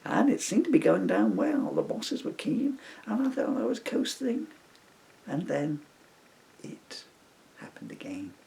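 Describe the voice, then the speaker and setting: A middle-aged man reading his own comic story aloud with wry, deadpan humour. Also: sits high, measured pace, creaky, pauses often. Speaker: author reading his book.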